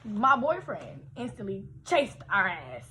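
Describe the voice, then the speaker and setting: A young woman telling a story from her teens on a casual livestream, animated, slangy and full of profanity. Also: medium pitch, unhurried, a little hiss or hum.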